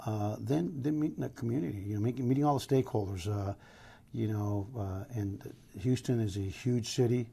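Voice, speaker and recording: A man's voice: on the low side, fairly quick, gravelly, warm tone, slightly rough. A middle-aged man from Los Angeles, a police chief answering news interview questions in an earnest, emphatic way with many restarts.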